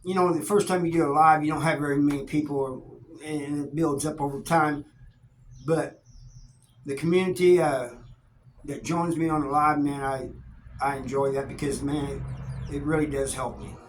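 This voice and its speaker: A man's voice: fairly high pitch, moderate pace, slight background noise, rough recording. A middle-aged man, telling stories about his life in a folksy, laid-back way. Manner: laid-back, folksy, animated when quoting people. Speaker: YouTube storyteller. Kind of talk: casual storytelling to camera.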